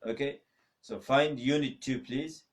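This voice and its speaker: Man slowly drilling an Arabic lesson. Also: medium pitch. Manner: slow, repetitive drilling, asks for comments. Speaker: Arabic teacher. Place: mosque.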